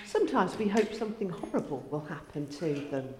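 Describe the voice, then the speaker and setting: A woman giving a gentle, storytelling children's address in church. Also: fairly low pitch, very animated, fairly quick, slight background noise. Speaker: children's talk leader. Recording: echoey hall with long reverb.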